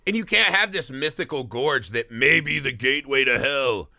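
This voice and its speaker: A man co-hosting a podcast, chatting casually about a film in an animated, profane, rambling way, acting out bits of dialogue. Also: medium pitch, normal speed, no echo, clean studio sound. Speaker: podcast co-host. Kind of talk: casual movie review chat.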